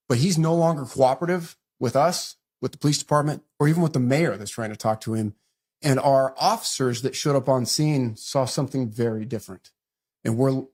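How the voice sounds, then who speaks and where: A middle-aged man, a guest on an interview show, telling a story in a brisk conversational way and acting out the lines people said to him. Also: medium pitch, a little mellow. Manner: fast retelling that acts out quoted dialogue.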